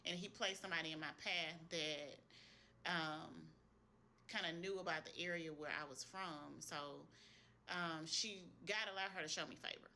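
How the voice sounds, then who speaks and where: Low-voiced woman sharing a faith story. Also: fairly even intonation, moderate pace, vocal fry, pushed and bright, slight background noise. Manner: casual, talks straight to viewers; earnest, retells what she heard in prayer. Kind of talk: personal testimony vlog.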